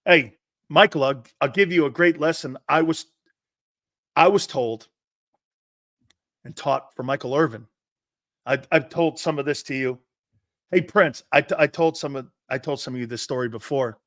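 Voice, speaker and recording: A middle-aged man hosting a sports talk show, a brash, loud storyteller who acts out the quotes. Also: fairly high pitch, normal speed, long pauses, no room sound, studio quality.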